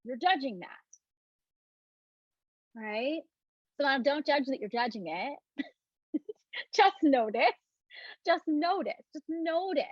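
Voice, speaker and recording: Woman talk host, gentle and reflective, slightly high voice, dry lo-fi recording. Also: lively intonation, slow, long pauses, no echo. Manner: gentle, reflective, often mimics questioning tones. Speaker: self-love speaker hosting a live talk. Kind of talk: casual live talk, reading viewer comments.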